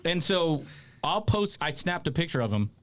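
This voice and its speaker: Guy hosting a chat, jokey, swears, voice bounces around a lot, kinda high. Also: moderate pace, dry recording. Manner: lively, joking, profane. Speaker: podcast host. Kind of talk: casual chat.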